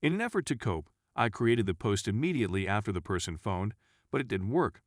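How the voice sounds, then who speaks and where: A man narrates a first-person story in a scripted, even reading pace. His voice sits on the low side and sounds dry and close, with no room around it. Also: brisk, no echo.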